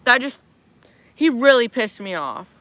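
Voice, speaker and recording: A woman streaming live, angrily venting to her chat and apologizing over and over while clearly upset. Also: fairly high pitch, big pitch swings, a little slow, fairly bright tone, dry recording. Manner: angry venting, repeated apologies. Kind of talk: casual livestream chat.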